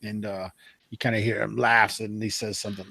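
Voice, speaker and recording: A man running a tabletop game as game master, describing the scene haltingly with many fillers. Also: fairly low pitch, flat delivery, creaky, sharp tone, breathy edge, dry recording.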